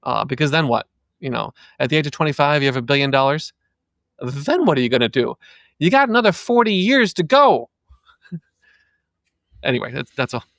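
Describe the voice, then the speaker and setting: A man in a casual podcast conversation, telling chatty, animated anecdotes. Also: mid-range voice, brisk, gravelly, long pauses, no echo, studio quality.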